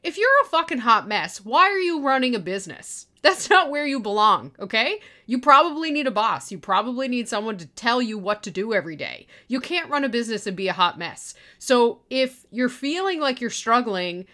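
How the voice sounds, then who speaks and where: A middle-aged woman with a slightly high voice, talking straight to her listeners in an exasperated, foul-mouthed rant. She is blunt and impatient, and she swears freely. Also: big pitch swings, normal speed, hardly any pauses, pushed and bright. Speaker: podcast host and online course business owner. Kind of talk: profane ranting monologue.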